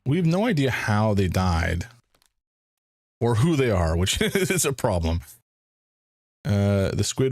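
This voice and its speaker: A man's voice: lowish voice, very animated, slow, long pauses, a little mellow, dry recording, clean studio sound. A man streaming a first playthrough of a game, thinking aloud in a hesitant way and often restarting his sentences. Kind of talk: live game commentary.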